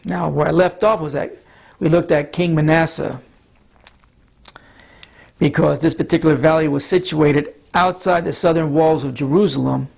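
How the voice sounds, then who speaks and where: A pastor, hoarse from allergies, teaches a sermon using a map in a measured way, often stumbling slightly over words and clearing his throat. His scratchy voice sits a little high, with a gravelly, husky roughness, a darkish tone, and fairly even intonation.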